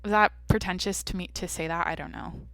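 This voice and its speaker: A woman's voice: lowish voice, fairly even intonation, fairly quick, a bit bright, dry recording. Brash, foul-mouthed young woman host. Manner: brash, profane, blunt. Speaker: podcast host. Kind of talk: casual solo podcast chat.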